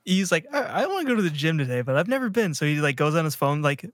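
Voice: medium pitch, big pitch swings, fast. A podcast co-host in casual chat, chiming in with jokes and quips. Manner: joking, chimes in with quips.

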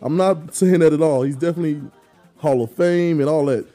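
Male host, mellow tone, playful needling, faint music bed. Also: fairly high pitch, brisk. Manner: teasing, playful, reads viewer comments. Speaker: podcast host reading chat. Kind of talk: casual sports debate.

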